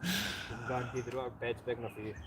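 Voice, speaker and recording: A man's voice: medium pitch, expressive, quick pace, noisy background. A Scottish man chatting and joking with a friend while out train spotting, swearing freely. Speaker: vlogger. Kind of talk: casual banter on a train platform. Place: outdoors at a railway station.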